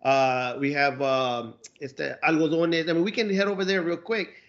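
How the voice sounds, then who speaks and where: A man from Arizona co-hosting a podcast, telling stories in a relaxed, slangy way with bits of Spanish slang. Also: fairly high pitch, moderate pace. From Arizona, United States. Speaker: podcast co-host. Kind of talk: casual chat. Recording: muffled lo-fi audio.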